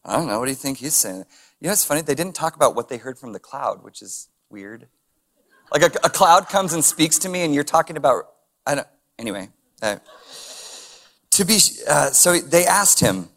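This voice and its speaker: A male pastor delivers a sermon in a relaxed, conversational way, with a voice that sits a little higher than most men's. He reads scripture, then breaks off into chuckling asides and strings of rhetorical questions. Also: moderate pace.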